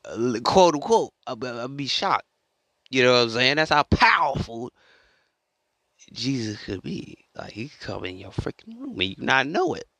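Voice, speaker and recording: A man talks straight to his audience in a loose, rambling monologue, circling back over the same phrases. His voice is bright and forceful, and the sound is close and dry, with no room echo. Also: medium pitch, big pitch swings, normal speed, vocal fry. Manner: rambling and repetitive, restarts a lot. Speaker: vlogger. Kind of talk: casual storytelling monologue.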